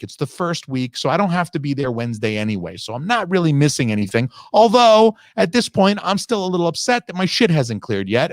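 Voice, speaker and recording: A man's voice: fairly high pitch, no room sound, studio quality. A man hosting a podcast, telling a long, profane, ranting story in casual chat. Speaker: podcast host.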